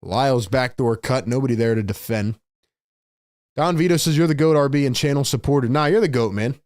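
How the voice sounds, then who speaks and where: A man hosting a live fan stream, calling the game play by play and reacting excitedly while talking to viewers in the chat. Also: mid-range voice, a little fast, no echo, clean studio sound. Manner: excitable, shouts big plays, chats with viewers. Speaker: livestream host.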